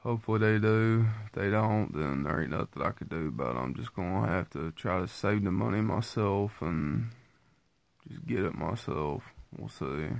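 In a man's voice with vocal fry and lively intonation, a vlogger speaks at normal speed with no echo. He has just woken up and is tired, his voice stuffy from sinus trouble, as he gives a rambling, low-key, casual weight-loss update to his viewers.

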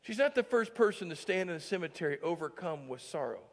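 High-voiced male pastor in a reverberant church. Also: very animated, quick pace. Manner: conversational, heavy use of filler "like"; swings from hushed to loud and emphatic. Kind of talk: sermon. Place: church sanctuary. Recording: long church-hall reverb.

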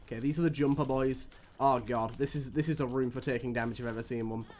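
A streamer gives live gameplay commentary in a medium-pitched voice, talking fast. He swears often and swings between weary groans and excited yelps.

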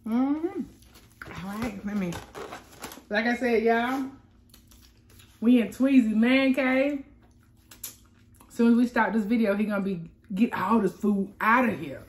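A woman hosting an eating show from a home man cave, chatting in a relaxed way and talking straight to her viewers. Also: on the high side. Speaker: mukbang host. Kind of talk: casual eating-show chat.

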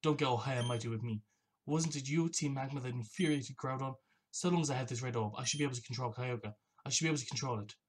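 A gamer voicing a gruff male villain leader while reading game dialogue aloud in a slightly lower tone. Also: fast talker, a little hiss or hum, close to an everyday voice. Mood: defensive.

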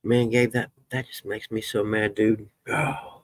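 Brief: low-voiced man, relaxed folksy live-stream chatter, dry close sound. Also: measured pace, no room sound. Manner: folksy, swears when fired up. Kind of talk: casual live-stream chat.

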